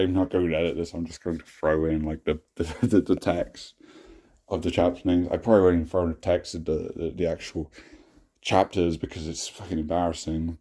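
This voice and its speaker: A man's voice: low-pitched, warm tone. A young adult man hosting a casual talk, cringing at his own old writing, swearing often and laughing at himself. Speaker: host.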